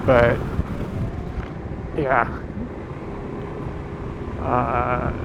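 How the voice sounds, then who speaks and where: A man's voice: a little high, background noise. Laid-back American man chatting from a car. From United States. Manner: rambling, laid-back, laughs often. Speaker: livestream host. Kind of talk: casual chat with stream viewers. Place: inside a moving car on a road.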